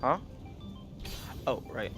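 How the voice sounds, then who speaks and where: A game streamer giving low-key let's-play commentary, musing and talking to themself while playing. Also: extremely slow, fairly bright tone, faint music behind.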